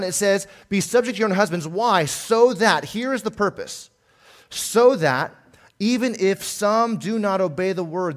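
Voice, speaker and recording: A man preaching a sermon in an earnest tone, rising louder on key points and dropping softer after them. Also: on the high side. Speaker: pastor.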